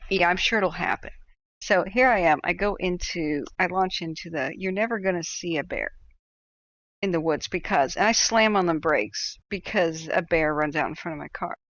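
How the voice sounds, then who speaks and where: A woman's voice: fairly low pitch, normal speed, a bit bright, dry recording. Woman, livestream host, casual rambling storytelling, dry dull-sounding recording. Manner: rambling, chatty anecdote-telling with asides. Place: at home.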